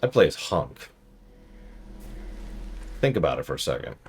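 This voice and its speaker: A man's voice: rumbling low, sing-song, normal speed, creaky, breathy edge. A man streaming a game, giving casual, playful commentary with joking asides.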